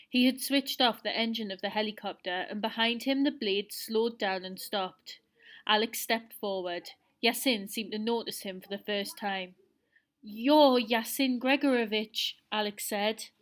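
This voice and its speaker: A woman's voice: medium pitch, fairly bright tone. A woman teacher reading a novel aloud to her pupils and setting quiz questions. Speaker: primary school teacher.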